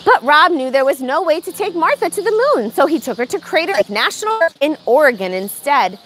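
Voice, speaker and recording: A woman's voice: sits high, a little fast. A woman reading a picture book aloud for storytime in a farm barn. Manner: animated, expressive.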